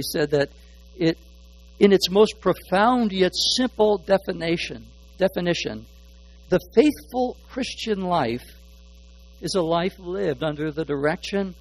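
High-voiced pastor with halting delivery. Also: male voice, poor audio. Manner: halting, repeats words while searching for phrasing; shifts between hushed asides and emphatic stressed words. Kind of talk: sermon.

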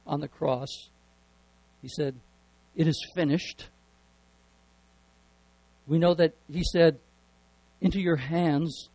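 An earnest male pastor preaching a sermon in a slightly high voice. He often repeats words as he builds toward a point. The recording is dry and close, with a faint hum underneath. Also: a little mellow, no room sound, poor audio.

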